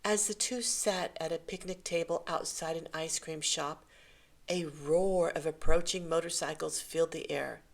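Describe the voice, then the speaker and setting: A woman reading a short story aloud in a gentle, measured way. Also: low-pitched, steady tone, vocal fry. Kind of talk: scripted story narration.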